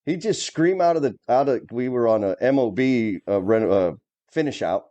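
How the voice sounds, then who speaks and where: A man's voice: mid-range voice, animated, moderate pace, dark tone. A middle-aged man, a former plumbing superintendent, telling stories from the trade in a casual, blunt way, with mild cursing. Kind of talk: casual conversation.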